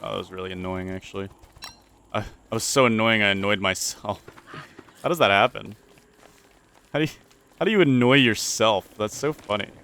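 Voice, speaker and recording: Goofy low-voiced young man narrating gameplay. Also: normal speed, pauses often, a bit bright, clean tone. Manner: goofy, rambling, talks to his viewers. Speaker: gaming channel host. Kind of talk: let's-play commentary.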